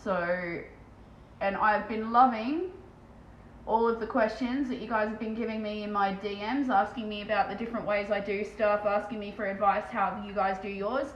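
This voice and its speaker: An Australian woman rattles along at high speed in relaxed live-stream chatter, with a casual swear now and then. Her voice sits at an ordinary middle pitch. The room around her is echoey, with a faint background hiss. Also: moderate pace, highs cut off. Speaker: live streamer and terrain painter.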